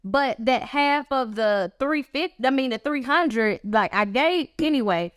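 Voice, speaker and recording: A woman with a fairly high voice tells a personal story as a guest on an interview show. She lively acts out the people she quotes with big jumps in pitch. The sound is close and dry. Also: unhurried, clear, resonant tone, no echo. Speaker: guest author.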